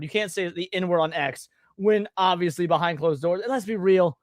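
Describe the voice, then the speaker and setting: A high-pitched man talks casually as a show host, rambling and emphatic. The sound is dry and close. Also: animated, a little fast, hardly any pauses, no echo. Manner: rambling, emphatic, swings loud when worked up. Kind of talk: casual podcast chat.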